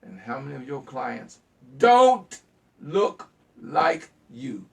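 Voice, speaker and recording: With a medium-pitched, very animated voice full of vocal fry, a call-in host speaks slowly, far from the mic. He delivers an impassioned, preachy monologue to listeners, repeating phrases and stuttering in his agitation.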